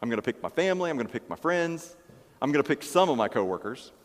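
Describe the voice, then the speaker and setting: A man's voice: medium pitch, sing-song, fast, big-room sound. A man preaching a sermon as pastor, emphatic and fond of repeating key phrases. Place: church.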